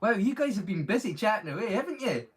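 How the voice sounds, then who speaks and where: A man's voice: high voice, sing-song, quick pace. A man hosting a live stream, chatting casually and rambling while he reads the chat aloud.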